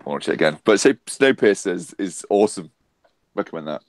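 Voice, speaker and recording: A man with a low voice chats casually on a podcast. He drops quick, dry remarks into the talk, and his voice sounds close and dry. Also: animated, no room sound. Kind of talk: casual chat.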